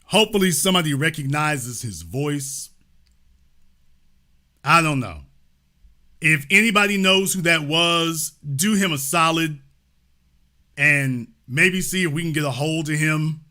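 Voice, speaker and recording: Man, call-in host, bright tone, slightly high pitch, casual, repetitive. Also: a little slow, pauses often. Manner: casual, repetitive, restates lines. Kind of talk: live call-in talk show.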